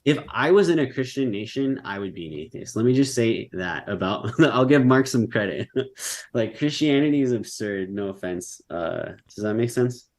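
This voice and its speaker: A man debating online, talking casually with many pauses, ums and fillers. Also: mid-range voice, lively intonation, darkish tone. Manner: halting, full of ums and likes.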